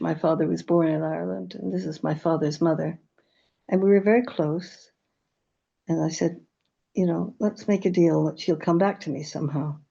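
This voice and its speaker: A woman's voice: lowish voice, vocal fry, breathy edge. Woman, interview guest, reflective storytelling, dull lo-fi recording. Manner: calm, reflective storytelling with small stumbles. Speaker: medium and author, interview guest. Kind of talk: conversational interview.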